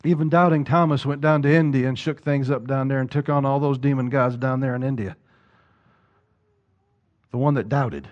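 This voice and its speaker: A man's voice: on the high side, highs cut off. A male pastor preaching a sermon, putting rhetorical questions to the congregation and repeating words as he drives a point home.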